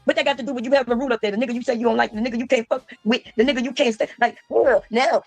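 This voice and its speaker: A woman streamer giving loud, mocking commentary, laughing often and mimicking the people she talks about. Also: on the high side, steady tone, rapid-fire, no room sound. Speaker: streamer reacting to a panel. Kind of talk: casual livestream commentary.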